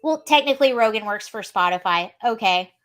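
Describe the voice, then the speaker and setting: A woman's voice: mid-range voice, a little fast. A woman hosting a live online show, chatting casually through commentary and reacting to viewer comments. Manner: chatty, animated, reads chat comments aloud. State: allergies, coughing and sneezy. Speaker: livestream host. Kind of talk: casual political commentary livestream.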